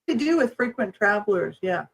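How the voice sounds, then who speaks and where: A woman's voice: medium pitch, moderate pace, gravelly, breathy edge, faint music behind, poor audio. A woman from New Mexico co-hosting a podcast, telling stories in a casual chat and acting out the people in them. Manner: animated storyteller acting out voices, laughs often. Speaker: podcast co-host.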